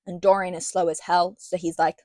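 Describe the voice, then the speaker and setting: A woman's voice: lowish voice, little pitch movement, brisk, a little mellow, dry recording. Ranting, sarcastic woman reviewing a book. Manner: sarcastic, ranting, slangy asides. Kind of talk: animated casual book review.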